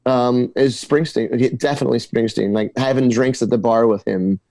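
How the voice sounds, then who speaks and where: A man from New Jersey spins casual stories as a guest on a talk show, animated and quick to repeat himself when he gets going. His voice sits in a middle range and is recorded dry and close. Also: mid-range voice, creaky, no room sound. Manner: animated storyteller, repeats words when excited. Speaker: guest musician. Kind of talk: casual storytelling interview.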